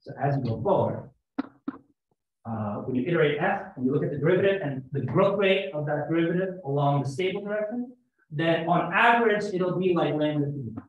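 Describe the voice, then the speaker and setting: A man delivers a mathematics seminar, his voice sitting a little high for a man. He explains step by step and thinks aloud as he works through the ideas. The sound is roomy and somewhat muffled, as if caught in a seminar room. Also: expressive, brisk. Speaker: lecturer. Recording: echoey lecture room, slightly dull sound.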